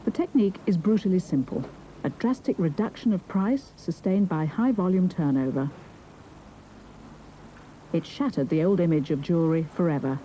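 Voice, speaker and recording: A woman reading a documentary narration in a measured, even way. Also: on the low side, a little hiss or hum, low-quality recording. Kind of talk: scripted narration.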